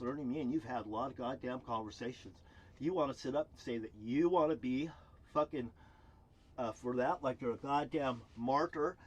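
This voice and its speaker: A man's voice: brisk, slightly rough. Angry man ranting, heavy swearing. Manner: heated, swearing constantly, swinging between loud outbursts and low muttering. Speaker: vlogger. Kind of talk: angry profane rant to camera. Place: outdoors near a cruise ship terminal.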